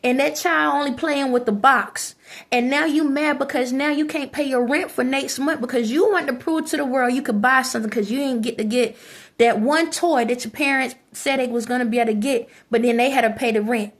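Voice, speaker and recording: A woman's voice: high voice, steady tone, fairly quick. A woman giving a preachy, scolding monologue to her viewers, repeating phrases for emphasis. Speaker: vlogger. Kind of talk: ranting monologue to camera.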